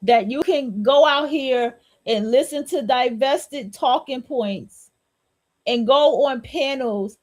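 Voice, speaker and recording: A woman's voice: high voice, takes it slowly. A woman hosting a solo podcast, talking in a blunt, repetitive, preachy and profane way. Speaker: podcast host.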